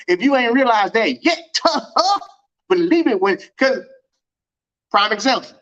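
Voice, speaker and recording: A man hosting a casual livestream from home, telling a story and acting out quoted dialogue with big pitch swings. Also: fairly bright tone, lo-fi sound. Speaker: track and field livestream host.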